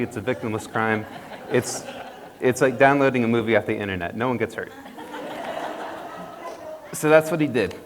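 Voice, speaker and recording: A man's voice: mid-range voice, slight background noise. Playful man telling a folk tale. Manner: playful, chatty, with jokey asides. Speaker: storyteller. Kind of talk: folk tale told to a congregation. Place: church hall. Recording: long reverb of a hall.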